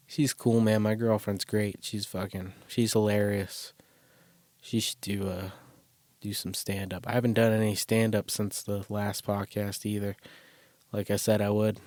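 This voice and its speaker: A man's voice: fairly low pitch, a little mellow, no echo. A man hosting a solo podcast from a closet, talking in a rambling, crude, self-deprecating way and swearing a lot. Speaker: podcast host. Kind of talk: casual solo podcast monologue. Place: small closet.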